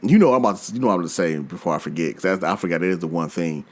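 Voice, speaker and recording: A man's voice: low-pitched, rapid-fire. A man hosting a podcast, chatting casually and acting out his own reactions as he tells gaming stories. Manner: animated storyteller, acts out his own reactions. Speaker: podcast host.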